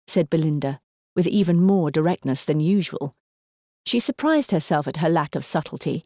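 Mellow-voiced woman narrating a story. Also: low voice, animated, normal speed, no room sound, studio quality. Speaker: audiobook narrator. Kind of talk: scripted narration.

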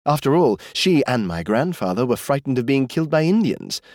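A headstrong young woman of twenty-one, scornful and quick to mock, as a male narrator puts her on. The voice sits well above his own and swings freely in pitch. Dry, close audiobook sound with no room around it. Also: big pitch swings, a little mellow, no echo. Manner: mocking, defiant, raised pitch. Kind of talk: audiobook character voice.

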